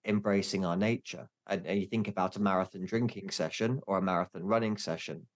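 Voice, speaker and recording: A man's voice: low voice, steady tone, brisk. A man in his forties, a podcast guest, talking candidly and mocking himself, with many restarts. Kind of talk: casual interview chat.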